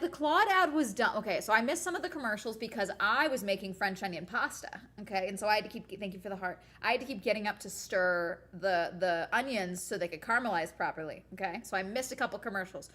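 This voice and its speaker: A woman's voice: mid-range voice, fairly bright tone. Rambling sarcastic woman streamer. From United States. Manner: rambling, sarcastic, talks to chat. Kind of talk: casual livestream chat.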